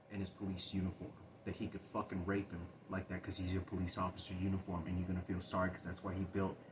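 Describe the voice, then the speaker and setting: A man telling a personal story in a halting, agitated way, with many restarts. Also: low voice, noisy background. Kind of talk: personal spoken monologue.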